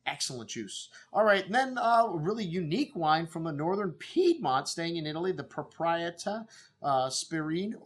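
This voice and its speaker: A man's voice: on the high side, expressive, moderate pace, slightly rough. A middle-aged man hosting a wine shop video, going through tasting notes in a loose, rambling way full of fillers.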